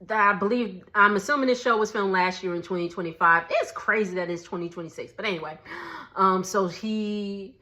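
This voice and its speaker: A young adult woman chatting casually through a reality TV recap, animated and laughing often. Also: mid-range voice, brisk.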